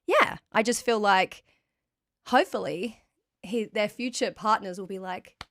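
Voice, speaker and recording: A woman's voice: mid-range voice, a little slow, fairly bright tone, no echo. Supportive woman host, dry sound. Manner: supportive, frequent short affirmations. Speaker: podcast host. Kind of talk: casual interview chat.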